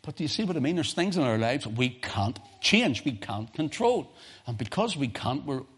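Northern Irish pastor telling a story. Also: male voice, mid-range voice, moderate pace, slightly rough. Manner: animated storytelling with humorous asides and chuckles. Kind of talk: sermon.

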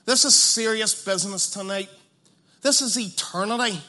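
A man preaching an evangelistic sermon, passionate and blunt, dropping to a hush and then rising loud, with colloquial asides. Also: sits high, normal speed. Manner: passionate, swings from hushed to loud.

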